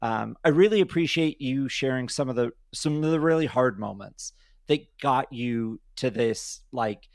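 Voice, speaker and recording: A man's voice: medium pitch, moderate pace, dry recording, studio quality. A male podcast host who interviews a guest in a casual, playful way and often laughs.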